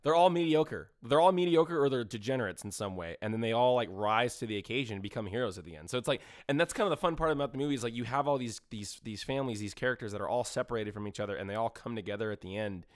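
A man's voice: medium pitch, fast talker, hardly any pauses, no echo, studio quality. A man co-hosting a casual movie podcast, talking in a rambling, profane way full of fillers. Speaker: podcast co-host.

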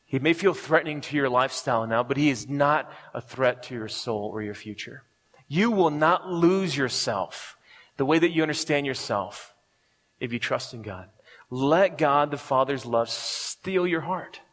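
A man's voice: medium pitch, lively intonation, normal speed, fairly bright tone, big-room sound. A man preaching a sermon as a pastor, speaking in a conversational way, chuckling often and checking in with his listeners. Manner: conversational, chuckles often, keeps asking "right?".

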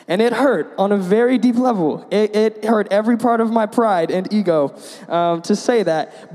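A man's voice: high voice, normal speed, darkish tone. Young man preaching in an echoing hall. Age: young adult. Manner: conversational, self-deprecating storyteller. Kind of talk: casual sermon with personal stories. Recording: long hall reverb.

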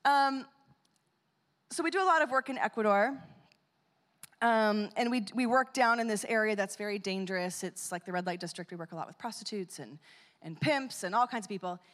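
Animated woman preaching in a reverberant hall. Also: medium pitch, moderate pace. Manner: animated storyteller, acts out quotes. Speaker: speaker at a church or conference. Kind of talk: storytelling sermon.

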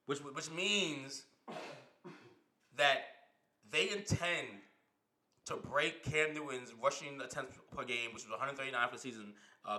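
Guy on a sports podcast, real bright voice, a bit high, jokey and excitable. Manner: animated, playful teasing. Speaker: podcast co-host. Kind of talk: casual sports chat.

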